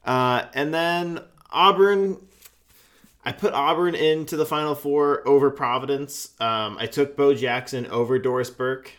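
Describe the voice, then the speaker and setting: A man chatting casually among friends, rambling and halting as he recounts his picks. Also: mid-range voice, fairly bright tone. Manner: rambling, halting with restarts and fillers. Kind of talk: casual chat.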